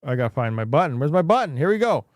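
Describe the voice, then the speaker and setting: A man's voice: on the high side, very animated, rapid-fire, dry recording, studio quality. A man hosting a casual livestream, rambling, thinking aloud and laughing often. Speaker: crypto mining livestream host.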